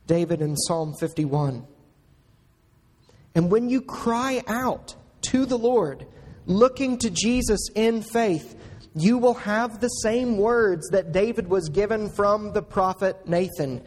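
A man preaching a sermon as a pastor, slow and earnest, pressing each point with emphatic rises. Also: high-pitched, a little mellow. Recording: long hall reverb.

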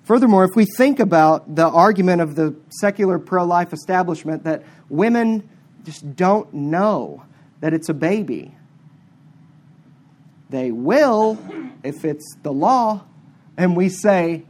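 A preacher giving a sermon, stressing words hard and then dropping to quiet asides. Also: mid-range voice, lively intonation, unhurried. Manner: emphatic, with sharp swings between loud stressed words and quiet asides.

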